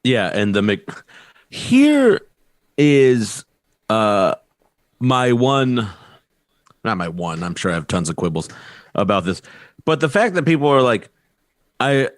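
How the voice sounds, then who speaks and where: A man's voice: medium pitch, sing-song, slow, pauses often, dry recording. A man co-hosting a comedy podcast, rambling with restarts, laughing and swearing as he talks. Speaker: podcast co-host. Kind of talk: casual comedic chat.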